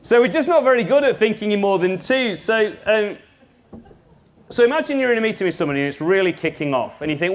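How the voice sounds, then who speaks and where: Lively high-voiced male trainer. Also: quick pace. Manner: lively and jokey, addresses the audience directly. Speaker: business trainer. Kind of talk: live workshop talk.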